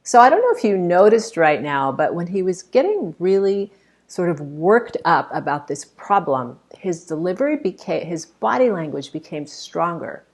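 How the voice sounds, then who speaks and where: A woman's voice: lowish voice, sing-song, moderate pace. A woman speech coach critiquing a talk, explaining points in an emphatic, demonstrative way. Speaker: public speaking coach.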